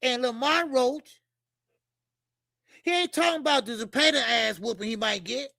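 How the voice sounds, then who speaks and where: Middle-aged guy ranting about boxing on his stream, cussing, repeating himself, bright punchy voice, dry close sound. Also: very high voice, normal speed, creaky, no room sound. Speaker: boxing channel host. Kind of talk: live-stream commentary, reading chat.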